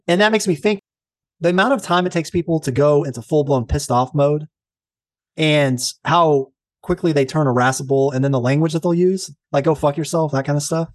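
Lively swearing man, dry close sound. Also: fairly high pitch, fairly quick, dry recording. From Texas. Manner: animated storyteller, swears freely, mimics others. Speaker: podcast co-host. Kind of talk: casual chat.

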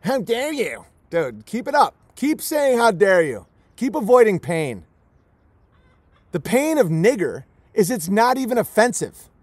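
A man's voice: high voice, a little mellow, dry recording. A man hosting a livestream, delivering a profane, sarcastic, mocking rant. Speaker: livestream host. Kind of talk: profane ranting monologue.

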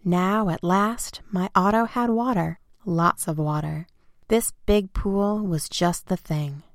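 A woman reading a children's storybook aloud in the first person, simple and expressive. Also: fairly low pitch, takes it slowly, no room sound, clean studio sound. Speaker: narrator.

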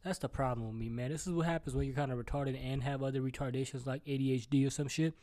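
A man's voice: mid-range voice, fairly even intonation, fast talker, mellow. A man hosting a solo podcast from home, ranting and rambling with lots of swearing, stuttering and restarting as he jumps between topics. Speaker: podcast host.

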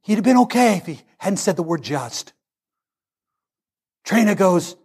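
A man preaching a sermon, telling a story with animated delivery that builds into shouting. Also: sits high, measured pace, creaky, long pauses, husky.

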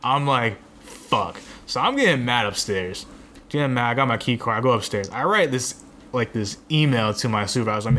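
A man's voice: medium pitch, lively intonation, moderate pace, pushed and bright. A young man telling a rambling, exasperated story in casual chat, swearing now and then.

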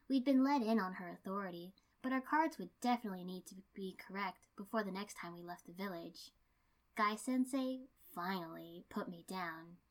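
Woman steadily reading a story aloud. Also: mid-range voice. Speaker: reader.

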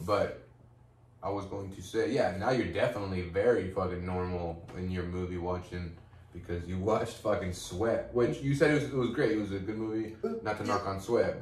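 A man's voice: deep voice, steady tone, a little fast, a little mellow, distant mic. Man, podcast co-host, teasing casual chat, swears, roomy sound, faint noise.

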